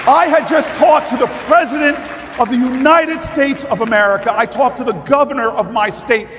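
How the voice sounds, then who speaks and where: Man speechifying at a big convention, voice up high, long hall echo and a crowd murmuring behind. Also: moderate pace. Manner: impassioned storyteller, building to shouted calls to action. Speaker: political speaker at a party convention. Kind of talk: rousing political speech. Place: large convention hall with live audience. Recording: reverberant hall with crowd noise.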